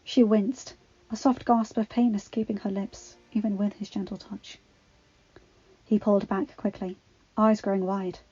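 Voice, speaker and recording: A woman narrating a fan-fiction story in a steady, expressive reading. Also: mid-range voice, unhurried, slightly rough. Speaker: audiobook reader. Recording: dull lo-fi recording with faint music.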